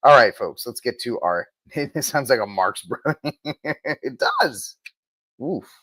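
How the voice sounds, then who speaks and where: With lively intonation and a moderate pace, this podcast host's medium-pitched voice sounds fairly bright in a dry recording. Streaming from the road over a spotty mobile connection, he reads out news items and drops in sarcastic remarks.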